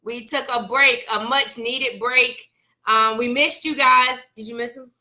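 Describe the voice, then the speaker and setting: Bright high-voiced chatty woman host. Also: fairly even intonation, unhurried. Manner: chatty, teasing, calls out viewers by name. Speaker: co-host of a church Facebook Live show. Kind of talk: casual live-stream chat greeting viewers.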